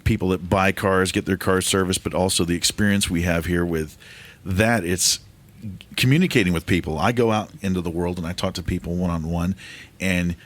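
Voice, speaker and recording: A man's voice: sits low, fairly even intonation, brisk. A man hosting a company podcast, chatting in a jokey, rambling way with many fillers. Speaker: podcast host. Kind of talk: casual podcast chat.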